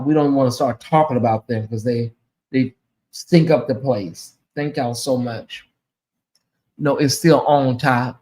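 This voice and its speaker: A man hosting a casual livestream, talking straight to his viewers in a sassy, animated way, thanking supporters and teasing his critics. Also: medium pitch. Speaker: livestream host.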